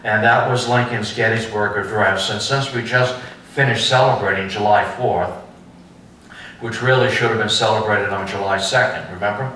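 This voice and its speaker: A man giving a history lecture to an adult class, slow and emphatic, asking rhetorical questions and repeating phrases. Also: fairly low pitch, steady tone, bright, forceful tone, slight background noise. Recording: echoey room, mic at a distance.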